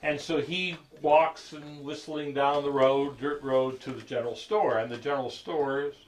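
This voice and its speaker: A man telling a story to a group in a halting, conversational way, full of fillers, acting out the quoted lines. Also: mid-range voice, fairly even intonation, rough recording. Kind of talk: casual spoken storytelling.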